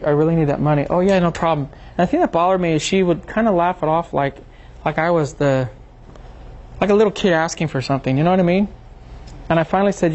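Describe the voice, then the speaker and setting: Lively man telling a seminar story. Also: fairly high pitch, muffled recording. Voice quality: animated storyteller, acts out quotes. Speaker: seminar presenter. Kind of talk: seminar talk to a small group.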